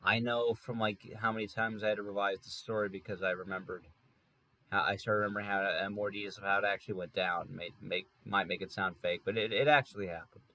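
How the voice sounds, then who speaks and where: A man's voice: fairly low pitch, level tone, fast talker, sharp tone. A man telling a rambling, wry story in a casual monologue from an apartment room. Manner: rambling, self-correcting, wry. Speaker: podcast host. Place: room in an apartment near a highway.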